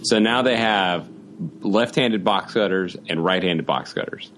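A man in casual chat, telling stories in an animated way. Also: low voice, a little slow, a little hiss or hum.

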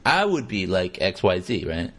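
A man talking casually as a podcast host, animated and profane, acting out quotes in exaggerated voices. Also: sits low, moderate pace. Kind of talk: casual conversational commentary.

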